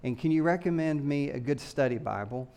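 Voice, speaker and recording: A man's voice: fairly high pitch, fairly quick, warm tone, clean tone, pitched below the performer's own voice, close to an everyday voice. A man voicing a hesitant would-be follower who stammers through a string of excuses. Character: hesitant man stalling before following a call.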